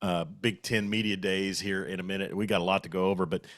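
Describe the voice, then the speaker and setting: A man's voice: low voice, steady tone, fast talker, a bit bright, dry recording, clean studio sound. A man co-hosting a casual sports show stream, rambling and correcting himself as he goes. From Western Oklahoma. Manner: rambling, self-correcting, chuckling.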